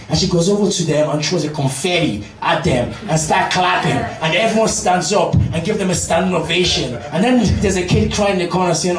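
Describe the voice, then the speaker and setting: Man, stand-up comedian, profane, talks to the crowd, fairly high voice, distant mic, echoey club, crowd noise. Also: a little fast, few pauses. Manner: profane, addresses the crowd directly. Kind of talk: stand-up routine. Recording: roomy club recorded from afar with crowd.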